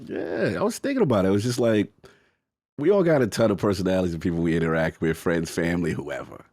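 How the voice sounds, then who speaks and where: A man's voice: deep voice, lively intonation, fast talker, a little mellow, no echo, clean studio sound. A man telling a story with laid-back slang in a casual podcast chat. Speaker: podcast co-host.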